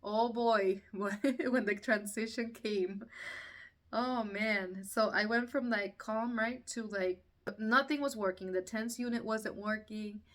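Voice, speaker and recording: A woman's voice: mid-range voice, slow, a bit bright, distant mic. A woman casually telling her own story, acting out what people said and laughing through the tense parts.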